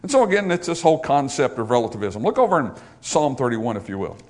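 At a quick pace, a very animated man with a medium-pitched voice delivers a sermon as pastor. His emphatic preaching builds through rhetorical questions and lines repeated with rising force.

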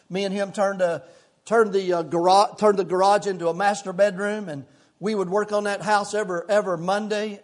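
Older man preaching a high, impassioned sermon. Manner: impassioned, repetitive preaching cadence that swings between loud and hushed; folksy storytelling asides. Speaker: pastor.

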